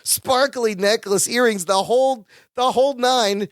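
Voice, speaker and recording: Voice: mid-range voice, unhurried, no room sound, studio quality. A podcast co-host chatting casually and retelling sitcom scenes with enthusiasm and frequent laughter. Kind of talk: casual sitcom recap chat.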